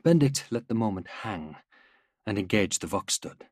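A man narrating a military story as an audiobook, steady and measured, on a close mic. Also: fairly low pitch, creaky, dry recording.

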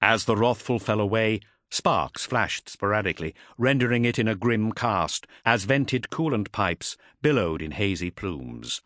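A man giving dramatic, expressive audiobook narration. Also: fairly low pitch, normal speed, no echo, studio quality.

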